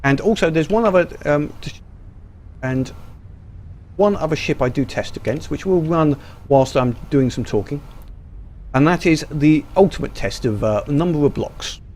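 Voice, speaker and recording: A man's voice: on the high side, animated, normal speed, pauses often, darkish tone, slight background noise. Rambling man doing gameplay commentary. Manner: rambling, many ums and restarts. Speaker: gaming YouTuber.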